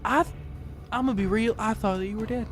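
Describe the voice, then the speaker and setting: A man voicing a bubbly young woman who keeps a flower shop, talking in an excited, gushing way over background music. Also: high-pitched, quick pace, pitched above the performer's own voice, natural voice.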